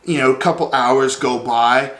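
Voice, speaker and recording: A man's voice: medium pitch, fairly even intonation, normal speed, a bit bright. Guy ranting on his vlog, rambly and sarcastic, lots of "like" and "you know", echoey room. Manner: rambling, heavy on fillers, sarcastic. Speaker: vlogger. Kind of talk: comedic rant. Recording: roomy echo.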